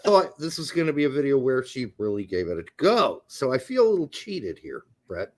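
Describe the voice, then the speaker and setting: A man's voice: mid-range voice, sing-song, a little fast. A man co-hosting a podcast in casual chat, with wry, teasing banter. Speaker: podcast co-host.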